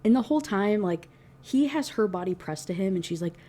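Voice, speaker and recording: A woman's voice: mid-range voice, animated, brisk, mellow. A young woman giving a casual, exasperated book review rant, swearing freely and filling her talk with "like". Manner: exasperated, profane, heavy use of "like".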